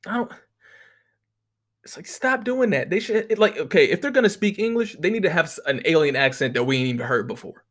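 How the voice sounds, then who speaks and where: This is an American man riffing through a comedic rant, swearing freely and drifting from one rambling story to the next. His voice sits a little higher than most men's, and he keeps up an animated, storytelling energy. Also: brisk.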